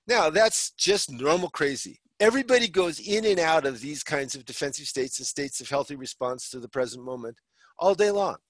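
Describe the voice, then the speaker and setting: A man with a somewhat high voice teaches psychology in an explanatory talk, acting out little example exchanges and checking in with "okay?" along the way. The sound is dry and close. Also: expressive, moderate pace, a bit bright, no echo. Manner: acts out short example dialogues.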